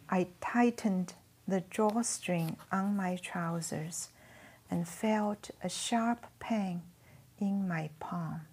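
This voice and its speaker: Woman, memoir read-aloud, hushed near-whisper, very slow, breathy. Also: medium pitch. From China. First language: Chinese. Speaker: author reading her memoir.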